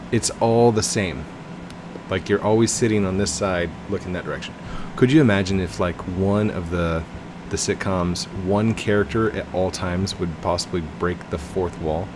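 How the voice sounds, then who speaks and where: Gaming host, man, low voice, unhurried delivery, over a steady background hum. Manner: chatty, jokey, giggles and talks to his teammate. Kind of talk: casual gameplay commentary.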